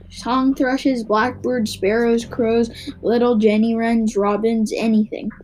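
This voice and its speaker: A woman reading a children's book aloud, expressive, with small stumbles and restarts. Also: a little high, rough recording. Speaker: narrator.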